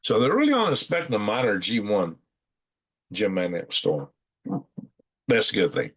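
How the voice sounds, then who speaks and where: A man's voice: fairly low pitch, huge pitch swings, moderate pace, slightly rough. A man hosting a casual live stream, rambling in a folksy way and thinking aloud as he clicks through maps at home at night. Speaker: channel host.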